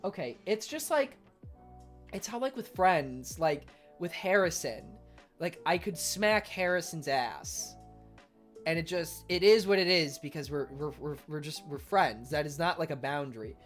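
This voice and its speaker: A young man chatting casually on his livestream in an animated, rambling way, full of fillers. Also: a little high, a little slow, soft background music. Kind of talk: casual stream chat.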